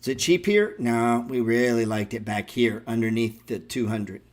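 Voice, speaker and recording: A man's voice: medium pitch, moderate pace. A man hosting a stock trading show, giving loose, profane live market commentary and talking straight to his viewers. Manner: excitable, profane, talks to viewers directly.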